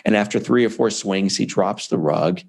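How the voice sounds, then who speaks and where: Gravelly-voiced man telling a heartfelt story. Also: lowish voice, normal speed, a little mellow. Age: 40s. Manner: emphatic, conversational, many "like" and "man" fillers. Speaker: author and speaker, guest. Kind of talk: heartfelt personal storytelling in an interview.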